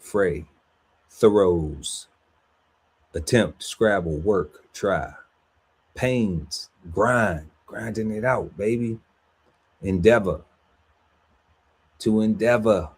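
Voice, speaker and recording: A podcast co-host with a deep, low, slightly husky and darkish voice reads slowly through a word list. He takes his time and riffs playfully on the words, mixing banter into the reading.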